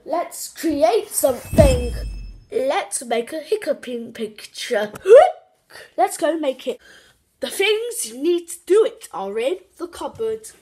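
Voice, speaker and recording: A woman hosting a children's craft show, playful and animated, with gasps and giggles. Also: sits high, a little hiss or hum. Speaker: host of a kids' craft show.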